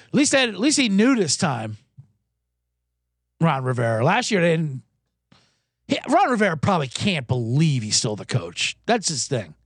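Animated, high-voiced male podcast host. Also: moderate pace, long pauses, slightly rough, no room sound, studio quality. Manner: rambling, animated storytelling with restarts. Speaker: sports betting podcast host. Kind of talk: casual sports talk.

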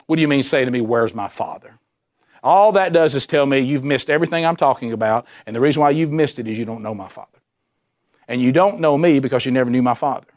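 A man preaching a sermon, animated and emphatic, repeating himself and dropping suddenly to a quiet voice. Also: medium pitch, quick pace. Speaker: pastor.

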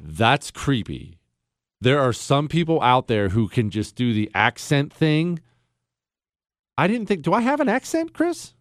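A man's voice: mid-range voice, wildly swooping pitch, measured pace, no echo, studio quality. A man from the Pittsburgh area with a Pittsburgh accent, hosting a radio talk show in a sarcastic, joking way. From Ohio, near Pittsburgh.

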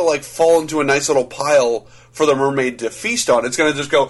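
A man's voice: fairly high pitch, fairly bright tone, breathy edge. A man co-hosting a casual movie review chat, thinking aloud and swearing as he picks apart the film's logic. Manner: rambling, profane, thinks aloud with restarts.

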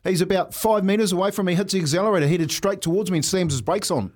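A man's voice: sits high, fast. A man with a New Zealand accent, co-hosting a breakfast radio show and telling stories in a casual chat. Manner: animated, laughs through stories. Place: radio studio.

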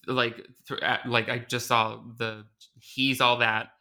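A young man hosts a podcast in relaxed, joking conversation, laughing at himself along the way. His voice is strikingly bright and sits at an ordinary pitch for a man. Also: slow. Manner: chatty, self-deprecating. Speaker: podcast host. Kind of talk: casual chat.

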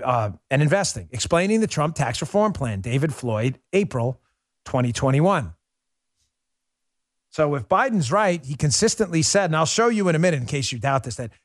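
A man's voice: medium pitch, no room sound. Middle-aged guy doing a snarky political talk show rant, voice jumps all over, dry close sound. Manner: animated, sarcastic, rapid asides. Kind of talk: casual political commentary monologue.

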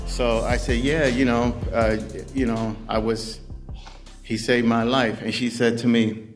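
Man, unhurried storyteller, casual, filler-heavy delivery. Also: medium pitch, flat delivery, soft background music. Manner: slow, conversational, full of "you know" fillers. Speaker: storyteller in recovery. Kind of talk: personal storytelling.

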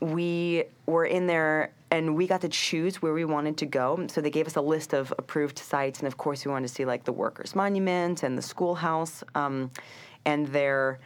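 A woman's voice: sits low, steady tone, normal speed. An American woman, a guest on a talk show, chatting casually and telling a travel story. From United States. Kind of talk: casual chat.

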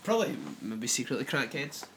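A man co-hosting a podcast, adding relaxed, dry asides in a casual movie review. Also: mid-range voice, a little fast, slight background noise. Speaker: podcast co-host.

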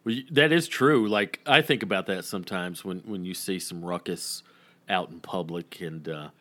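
A man's voice: sits low, moderate pace, fairly bright tone. A man co-hosting a podcast in casual chat, mostly chiming in with short agreeing replies. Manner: brief agreeing replies and laughs. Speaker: podcast co-host.

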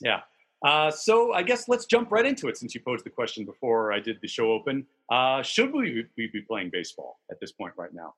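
A man hosts a casual baseball podcast, and his voice has a husky, breathy texture. He talks in a chatty, enthusiastic way and keeps things loose with the occasional swear word. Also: mid-range voice, wildly swooping pitch, fairly quick, fairly bright tone. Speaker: podcast host.

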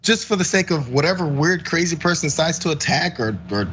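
A man's voice: a little high, a little fast, lo-fi sound, a little hiss or hum. A man co-hosting a podcast, telling a story in casual chat and acting out the lines of the people in it. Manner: animated, acts out dialogue, laughs while telling stories. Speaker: podcast co-host.

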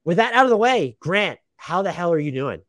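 A fast-talking man co-hosting a sports podcast, his voice sitting a bit high for a man. He banters in a profane, self-deprecating way, recorded dry and close on a podcast mic. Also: sing-song, fairly bright tone, dry recording. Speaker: podcast co-host. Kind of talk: casual sports podcast chat.

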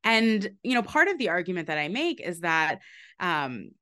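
A woman's voice: lowish voice, big pitch swings, moderate pace, pushed and bright. A woman author and historian answering interview questions, explaining her research with frequent fillers, restarts and light laughs.

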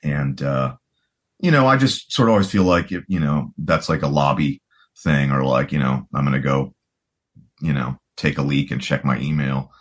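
Deep-voiced guy in his forties, rambly, says you know a lot. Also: moderate pace, slightly rough. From United States. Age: 40s. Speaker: guest rock guitarist. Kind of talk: casual podcast conversation.

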